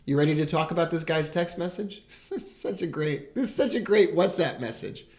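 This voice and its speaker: Guy hosting a live stream, excitable, a bit high voiced. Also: brisk. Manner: excitable, enthusiastic, greets viewers. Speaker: host. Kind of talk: live broadcast chat.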